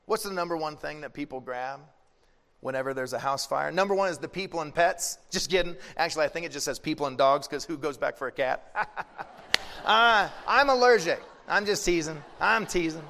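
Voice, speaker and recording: A man's voice: fairly high pitch, normal speed, vocal fry, pushed and bright, long reverb tail. A man pastor giving a conversational, joking sermon.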